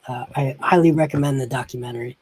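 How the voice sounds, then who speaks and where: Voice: mid-range voice, steady tone, quick pace, darkish tone, low-quality recording. Enthusiastic podcast co-host in casual chat.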